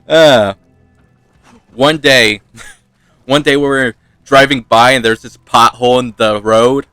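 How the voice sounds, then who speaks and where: A man with a bright, forceful voice tells a rambling personal story over gameplay, poking fun at himself and laughing along the way. His voice is recorded dry and close, with almost no room sound. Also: mid-range voice, takes it slowly, long pauses, clear, resonant tone, no echo, faint music behind. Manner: rambling, self-mocking, laughs often. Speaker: gaming channel host.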